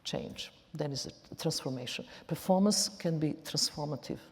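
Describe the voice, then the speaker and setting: A woman's voice: low-pitched, normal speed. A woman with a Slavic accent speaking non-native English as an onstage interview guest, often repeating and restarting phrases. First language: Serbian. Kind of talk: onstage conversation. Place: large auditorium. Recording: long hall reverb.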